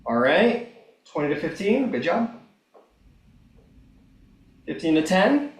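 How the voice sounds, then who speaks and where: Male game master on a home mic: animated delivery, a bit scattered, recorded in a roomy space. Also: a little high, takes it slowly. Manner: scattered, apologetic, thinking aloud. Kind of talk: running a tabletop game. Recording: roomy mic with faint noise.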